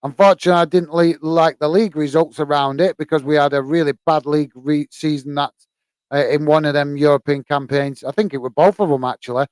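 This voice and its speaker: A man's voice: on the high side, fairly even intonation, fairly quick, darkish tone, clear, resonant tone, no room sound. A man from the UK hosting a live football watch-along, tired and rambling with lots of fillers. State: tired, yawning.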